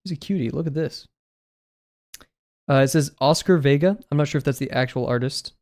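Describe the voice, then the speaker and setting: A man's voice: fairly high pitch, fairly quick, a little mellow. Chatty man streaming while drawing. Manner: rambling, chatty asides with filler words. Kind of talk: casual live-stream chat while drawing.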